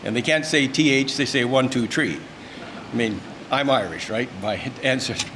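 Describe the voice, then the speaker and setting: A man's voice: mid-range voice, expressive, a little fast, background noise. An older man, giving a folksy, emphatic, rambling informal speech at a luncheon. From Canada. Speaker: speaker at a luncheon. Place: event room.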